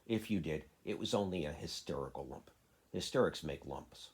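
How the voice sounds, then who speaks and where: A man voicing a furious, bossy little girl who shouts fierce commands. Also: very deep voice, expressive, moderate pace, breathy edge, heavily acted. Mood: furious, scolding.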